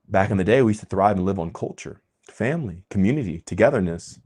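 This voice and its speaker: Deep-voiced man preaching emphatically. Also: quick pace, hardly any pauses. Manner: emphatic, preachy, swings between loud and quiet. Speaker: vlogger host. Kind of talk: impassioned monologue.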